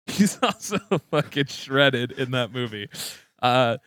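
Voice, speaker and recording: A young man co-hosting a casual comedy podcast, rambling and excitable, laughing often. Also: mid-range voice, slow pace, clean tone, no room sound, studio quality. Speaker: podcast co-host.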